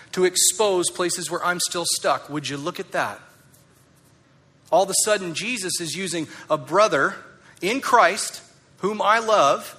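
A male pastor preaching a sermon, emphatic and conversational, asking the congregation rhetorical questions and dropping soft on key lines. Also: fairly high pitch.

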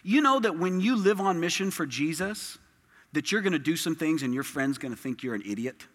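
Speaking a little fast in a slightly high voice, this man delivers an impassioned, emphatic sermon as pastor, full of repetition. The recording, made in a church sanctuary, carries a large hall's long reverb.

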